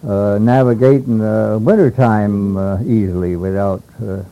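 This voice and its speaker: An older man from Alaska recalling old stories in a rambling, halting way, with many hesitations and chuckles, on a dull lo-fi tape. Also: on the low side, steady tone, dark tone. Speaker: interviewee. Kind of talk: oral history reminiscence.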